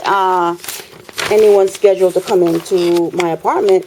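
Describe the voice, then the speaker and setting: A woman's voice: fairly low pitch, fairly even intonation, a little slow, darkish tone, a little hiss or hum, poor audio. A woman, filming an impassioned complaint in her apartment, talking indignantly and repeating phrases for emphasis.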